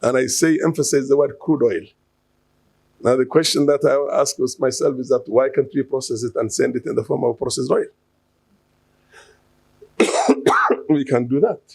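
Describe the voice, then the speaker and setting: A man's voice: medium pitch, steady tone, normal speed, gravelly, pauses often, darkish tone, breathy edge, no room sound. A man giving an unscripted conference talk, hesitant, with many fillers and restarts, asking the audience rhetorical questions. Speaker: conference speaker.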